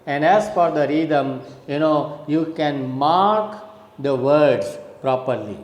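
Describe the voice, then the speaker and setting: A man's voice: fairly high pitch, takes it slowly. A man giving a recorded college lecture, explaining step by step and repeating key words as he counts points aloud. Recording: echoey room with long reverb.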